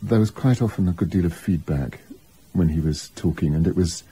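A biographer talking reflectively in an interview, thinking aloud with asides and restarts. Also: male voice, low-pitched, moderate pace, mellow, slightly rough, rough recording.

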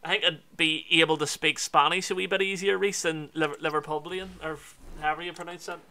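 A young man with a Belfast accent, chatting casually and quickly while he streams a football game. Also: on the high side, fairly even intonation, vocal fry, bright, forceful tone. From Northern Ireland. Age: young adult. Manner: chatty, fast and laughing. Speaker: gaming streamer. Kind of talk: casual livestream commentary. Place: home room.

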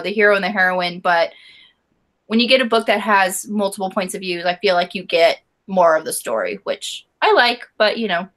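Woman, book club co-host; bright, giggly, casual. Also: mid-range voice. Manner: chatty, giggly, reads listener comments aloud.

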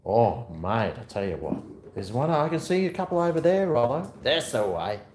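Man, casual vlog chat, very lively pitch, echoey room, faint background noise. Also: moderate pace. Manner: chatty, talks to his dog in a high sing-song voice. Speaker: vlogger. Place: at home near a garage.

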